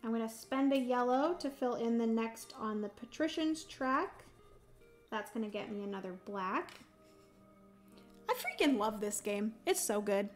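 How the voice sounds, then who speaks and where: A woman's voice: a little high, animated, a little slow. A young adult woman hosting a board game livestream, chatting casually, reading viewer comments aloud and explaining rules with frequent ums. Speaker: livestream host playing a solo board game. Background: faint background music.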